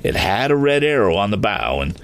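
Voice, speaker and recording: A man voicing an excitable, eccentric gentleman motorist who rambles and keeps exclaiming fussy oaths in a storybook reading. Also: on the low side, normal speed, gravelly, clear, resonant tone. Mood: rambling.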